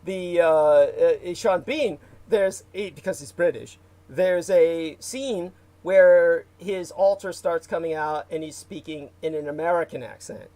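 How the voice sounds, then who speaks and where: A man's voice: a little high, unhurried, few pauses, mellow, no room sound. A man hosting a casual livestream, rambling with many fillers and restarts and reading out viewer comments. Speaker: livestream host.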